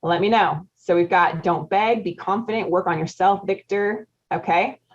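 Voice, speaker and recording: A woman's voice: fairly low pitch, normal speed. A woman in her forties, a marriage coach hosting a live webinar, chatty, laughing often and quizzing her audience. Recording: dull lo-fi audio.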